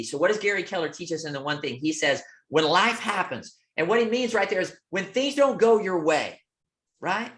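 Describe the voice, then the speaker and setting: A man delivers a motivational coaching talk in a mid-range voice. He speaks in a storytelling cadence with a preacher's rhythm. He stresses his points hard, swings between loud and hushed, and checks in with his listeners again and again. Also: mid-range voice. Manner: emphatic, repeats "okay?" and sways between loud and soft. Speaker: real estate coach.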